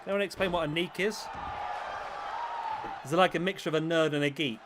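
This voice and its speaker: A chatty young man on a live game stream, joking with his chat and calling the action in a slightly raised voice. A roaring game crowd and steady background noise sit under everything he says. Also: on the high side, fairly quick. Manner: chatty, self-mocking, reacts to viewer chat.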